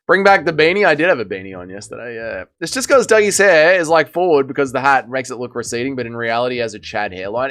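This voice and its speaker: An Australian man hosting a livestream in casual chat, wry and self-mocking and quick to protest as he reads out chat messages. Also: mid-range voice, big pitch swings, fairly bright tone. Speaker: livestream host.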